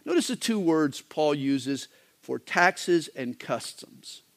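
A male pastor delivering a sermon in a folksy, joking manner, with wide swings in pitch. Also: very animated, takes it slowly, a bit bright.

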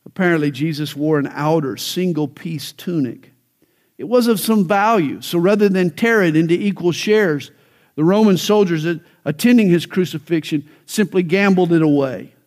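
A man's voice: on the high side, a little mellow. Fervent storytelling preacher, a man. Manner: storytelling with jokes, rising to fervent emphasis. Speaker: pastor. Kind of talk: sermon.

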